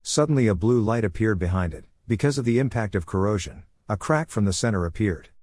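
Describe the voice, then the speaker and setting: Brief: male recap narrator, low pitch, dry close sound, plain delivery. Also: animated, brisk, a little mellow, no echo.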